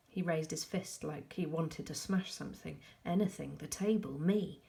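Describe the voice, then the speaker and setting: Teacher reading a class novel aloud, low gravelly voice, calm, measured pace. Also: female voice. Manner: calm, measured narration with soft asides.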